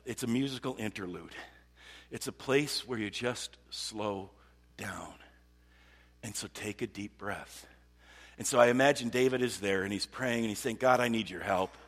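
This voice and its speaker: A man preaching a sermon in an animated way, repeating words and swinging from loud outbursts to hushed tones. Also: lowish voice, measured pace, pauses often, husky. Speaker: pastor. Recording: long hall reverb.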